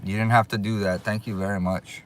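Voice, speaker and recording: A man hosting a casual livestream, excitable and drawling as he thanks his viewers over and over. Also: lowish voice, a little fast, slight background noise. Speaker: livestream host. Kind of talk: casual live chat. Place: outdoors.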